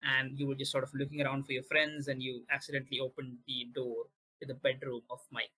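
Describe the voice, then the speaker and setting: A man narrating as game master of a tabletop game, talking haltingly with many restarts. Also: mid-range voice, level tone, sharp tone, husky, low-quality recording.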